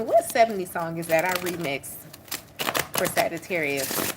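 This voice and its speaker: A woman giving a casual tarot reading in an animated, slangy way, repeating points for emphasis. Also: fairly low pitch, normal speed, heavy background noise. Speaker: tarot reader.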